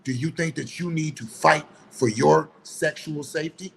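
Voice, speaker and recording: A man delivers a heated, preachy monologue in loose, colloquial speech. His voice sits a bit higher than most men's, with a faint hum of room noise behind it. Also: moderate pace, vocal fry, a bit bright, poor audio. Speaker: online commentator. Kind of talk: opinion monologue.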